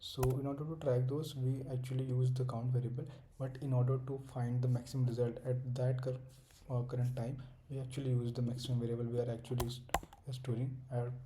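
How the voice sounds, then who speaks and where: A man's voice: medium pitch, dark tone, rough recording. A young man hosting a coding tutorial, walking through a solution step by step in loose, non-native English phrasing with many fillers. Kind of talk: screen-recorded coding walkthrough.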